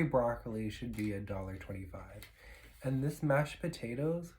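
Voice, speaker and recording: A man's voice: medium pitch, lively intonation, unhurried, a little mellow, slight background noise, rough recording. Casual male vlogger, mid-range voice, loose filler-heavy delivery, eating at home. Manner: rambling and chatty, with many fillers. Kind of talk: casual eating vlog chat.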